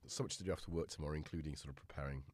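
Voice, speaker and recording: A man hosting a relaxed live stream, chatting casually and talking fondly to his cats. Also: very deep voice, very fast, heavy background noise. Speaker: livestream host.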